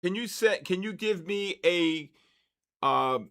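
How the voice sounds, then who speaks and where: An older man hosts a casual trading livestream, chatting loosely and breaking into excited shouts when the markets move. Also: sits high, takes it slowly, clear, resonant tone.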